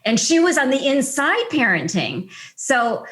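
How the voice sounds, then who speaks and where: Gentle, affirming woman host. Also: high voice, very animated, a little slow. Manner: gentle, warm-hearted, affirming. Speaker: podcast host. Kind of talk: conversational interview.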